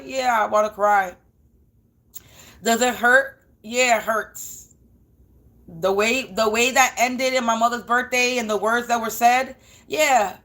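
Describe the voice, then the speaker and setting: Woman, fairly high voice, defiant, emotional, repetitive vlog monologue. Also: a bit bright. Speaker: spiritual reader and vlogger.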